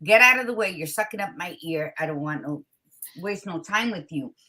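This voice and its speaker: A woman hosting a casual talk show, blunt and expressive, with a tired morning voice, dropping in Spanish greetings. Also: on the low side, fairly quick. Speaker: podcast host. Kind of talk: casual chat.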